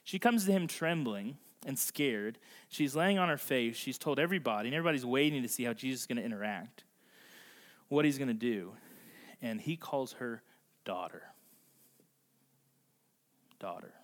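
A male pastor preaching a conversational sermon, slowing down and softening his voice for emphasis. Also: mid-range voice, expressive. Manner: acts out voices in quotes. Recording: long reverb of a large hall.

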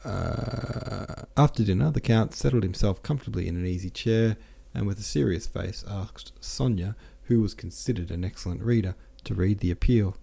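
Male audiobook narrator, deep, steady reading. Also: normal speed, creaky, breathy edge. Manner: steady, with small self-corrections.

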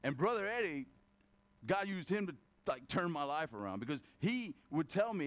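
A man on the higher side of pitch, speaking at normal speed, delivers a laid-back sermon as a pastor. He narrates stories energetically and voices the characters himself.

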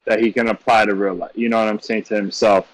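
Slangy low-voiced man riffing on manga. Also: level tone, quick pace, poor audio. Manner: laid-back slang, keeps saying "you know what I'm saying". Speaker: podcast co-host. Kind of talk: casual manga review chat.

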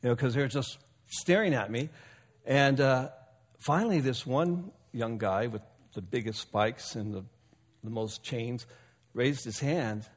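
A man in his fifties or older preaching a sermon, telling a personal story in a relaxed, conversational way with self-deprecating asides. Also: medium pitch, unhurried. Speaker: pastor. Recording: long hall reverb.

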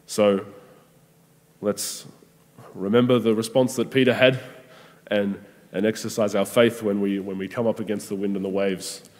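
A man giving a gentle, conversational sermon reflection with frequent pauses and restarts. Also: lowish voice, steady tone. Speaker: preacher. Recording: long hall reverb.

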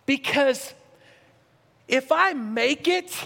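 High-voiced preacher man in an echoey hall. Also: extremely slow, vocal fry. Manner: earnest, swings from near-shouts to hushed low asides. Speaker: pastor. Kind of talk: sermon. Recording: long reverb, echoey hall.

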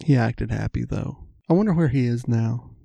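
Mellow-voiced man telling stories. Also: medium pitch, expressive, moderate pace, gravelly, slightly rough, no room sound. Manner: rambling anecdotes, acts out quoted voices. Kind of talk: casual chat, storytelling.

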